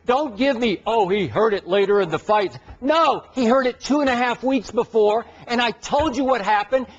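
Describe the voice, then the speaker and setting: A man's voice: sits high, muffled recording. A man hosting a heated sports debate, insistently laying out his case point by point. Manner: insistent, argumentative, lays out facts point by point.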